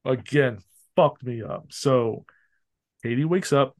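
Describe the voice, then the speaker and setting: A man's voice: medium pitch, slow. A man in his thirties hosting a podcast, recounting a movie in casual chat and acting out its scenes. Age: 30s. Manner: animated, acts out movie scenes with voices. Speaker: podcast host.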